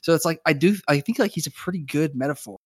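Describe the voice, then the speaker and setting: A man's voice: on the high side, fast, breathy edge, no echo, clean studio sound. A man co-hosting a casual recap chat, rambling with lots of restarts and fillers. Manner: rambling, many restarts and "like" fillers, laughs often. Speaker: podcast co-host.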